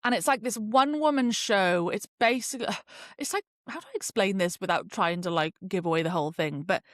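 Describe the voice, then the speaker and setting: A young woman chats on her own podcast, rambling along and leaning on "like" as a filler. Her voice sits at an ordinary pitch. The recording is dry and close. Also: fairly quick, dry recording. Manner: chatty and rambling, full of "like" fillers. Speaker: podcast host. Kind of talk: casual solo podcast chat.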